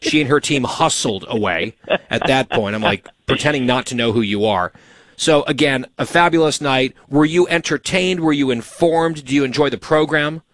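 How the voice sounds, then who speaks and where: A man's voice: mid-range voice, moderate pace, a bit bright, no echo. A man hosting a show, telling stories in casual banter with a wry, teasing manner. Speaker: show host.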